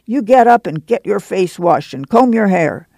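Storybook farm mother, practical and proud, gravelly drawl, read by a man. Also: sits high, mellow, no echo, full character voice. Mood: urgent. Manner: rural drawl, brisk commands. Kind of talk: audiobook reading.

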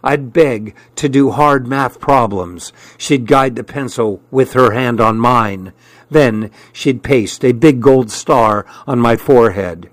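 A man narrating a first-person story as an audiobook, with measured storytelling. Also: medium pitch, no echo.

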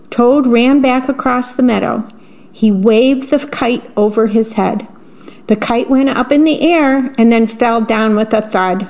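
A woman volunteer radio reader, telling a bedtime story in slow, clear storytelling. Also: fairly high pitch, a little mellow. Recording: slightly dull radio broadcast.

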